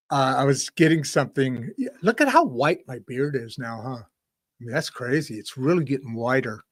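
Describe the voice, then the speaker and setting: A middle-aged man hosting a podcast, talking casually to viewers in a rambling, halting way with many restarts. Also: a little high, dry recording. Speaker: podcast host. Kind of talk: casual solo talk to viewers.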